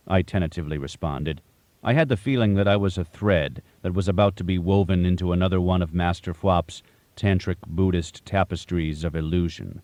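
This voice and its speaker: A man reads a first-person audiobook in a measured, storytelling way. His voice is very low. The recording is close and dry. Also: a little mellow, dry recording. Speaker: audiobook narrator.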